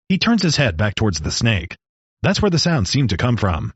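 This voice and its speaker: A man narrating a story with a steady, descriptive reading. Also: medium pitch, normal speed, husky, no echo, muffled recording.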